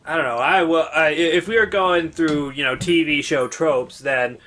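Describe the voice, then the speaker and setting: A man's voice: fairly high pitch, moderate pace, sharp tone. A man playing a video game and chatting casually with a friend, arguing points, joking and reading the game's text aloud. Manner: argumentative, joking, reads on-screen text aloud. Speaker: player and co-host. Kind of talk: casual let's-play banter.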